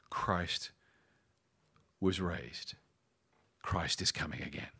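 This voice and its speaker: Low-voiced man preaching a sermon. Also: a bit bright. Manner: preaching with dramatic pauses, dropping to a whisper at times. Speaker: pastor.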